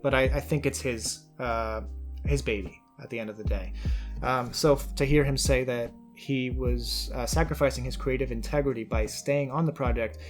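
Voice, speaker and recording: A man's voice: mid-range voice, fairly even intonation, moderate pace, soft background music. A man hosting a commentary video, talking casually with fillers and restarts as he reads out and reacts to a letter. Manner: conversational with frequent fillers and restarts.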